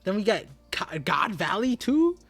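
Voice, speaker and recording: A young man streaming live, reading a comic chapter aloud and reacting with excited exclamations and stammers. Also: sits high, a little slow, faint music behind.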